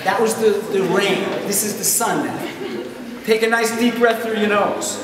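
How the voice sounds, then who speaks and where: A man's voice: high-pitched, normal speed, crowd noise. A man telling a story to schoolchildren, teasing and joking with them as he goes. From United States. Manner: teasing, animated, jokes with the kids. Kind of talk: playful storytelling with audience banter. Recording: echoey hall, distant mic, noisy.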